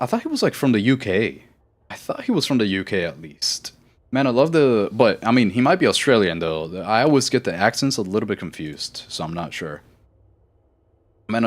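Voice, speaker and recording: A man streaming a game live, chatting casually in a rambling, self-correcting way and laughing easily. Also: on the low side.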